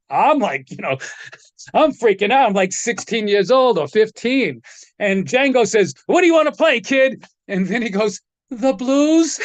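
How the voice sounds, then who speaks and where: High-voiced man telling rambling anecdotes. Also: no room sound. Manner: rambling anecdotes, acts out quoted voices, frequent laughs. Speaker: guest, guitar tech. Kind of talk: casual storytelling interview.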